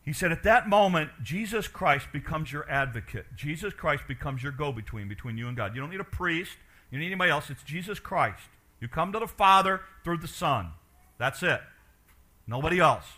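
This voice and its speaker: A man preaching a sermon as pastor, animated and asking his congregation questions, dropping quiet for emphasis. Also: a little high, brisk.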